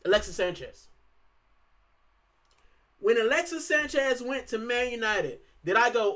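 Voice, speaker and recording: A man's voice: extremely high pitch, lively intonation, a little slow, long pauses, fairly bright tone. A man from Puerto Rico hosting a football fan channel, talking casually and with animation, full of fillers and "bro". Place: lives in the UK.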